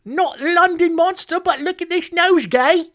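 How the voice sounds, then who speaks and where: A man voicing a sneering male street stabber from old London in a put-on, high-pitched Cockney accent, wheedling and mock-friendly. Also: moderate pace, fairly bright tone. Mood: wheedling, sly.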